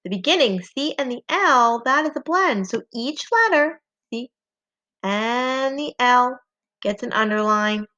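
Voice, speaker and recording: A woman's voice: fairly high pitch, lively intonation, measured pace, bright, forceful tone. A woman teaching a phonics lesson, patient and encouraging, spelling out letters one by one. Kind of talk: slow, clearly paced phonics lesson. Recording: slightly dull lo-fi home recording.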